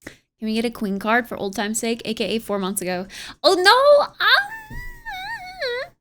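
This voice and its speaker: A woman's voice: mid-range voice, fairly even intonation, brisk. A young American woman streamer chatting casually at home, reading viewers' messages aloud and musing on them with frequent laughs. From United States. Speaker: livestreamer.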